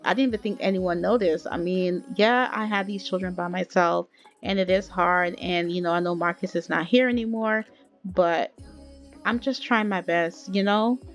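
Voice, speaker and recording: A woman's voice: lowish voice, steady tone, normal speed, faint music behind, close to an everyday voice. Woman voicing a tired, grateful single mom. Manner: soft, heartfelt, thankful.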